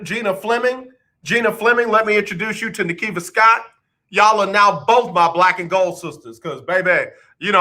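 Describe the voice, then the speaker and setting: A man hosts a live radio show, chatting about sports in a bright, forward voice pitched a little high. He teases callers and listeners directly and keeps it loose and playful. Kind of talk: casual sports radio talk.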